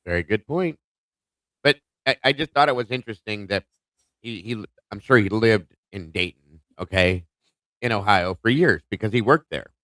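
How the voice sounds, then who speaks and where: This is a low-pitched man hosting a casual live stream, speaking emphatically and addressing his viewers directly. His voice sounds dry and close, with almost no room around it. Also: normal speed, a bit bright, dry recording. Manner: emphatic, talks straight to viewers. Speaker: show host.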